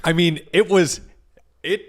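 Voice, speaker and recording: A man's voice: high-pitched, fairly even intonation, measured pace. A man co-hosting a podcast in casual chat, teasing his partner with dry jokes. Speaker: podcast co-host.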